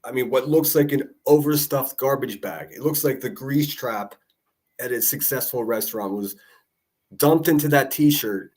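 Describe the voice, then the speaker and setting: A man hosts a casual livestream in a mid-range voice and everyday pitch. He talks fast and loose, swears freely and lays into people with mocking insults. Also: a little mellow. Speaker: livestream host.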